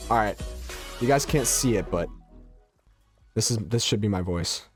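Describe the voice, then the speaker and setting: A man's voice: fairly low pitch, animated, normal speed, soft background music. A man streaming a game and casually chatting with his viewers, with a stuffy, nasal voice from allergies and a loose, joking manner. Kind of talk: casual live-stream chat, answering viewers.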